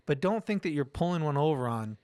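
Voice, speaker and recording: A man's voice: fairly high pitch, expressive, fairly quick, a little mellow, no echo, studio quality. A middle-aged man co-hosting a casual podcast, talking bluntly and emphatically and swearing freely. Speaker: podcast co-host. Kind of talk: casual profane chat.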